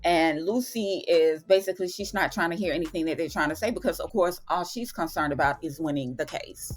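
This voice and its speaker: A woman's voice: lowish voice, a little fast, soft background music. A woman hosting her own review channel, chatting through a TV episode recap with dramatic retellings and slangy asides. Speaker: TV and film review channel host.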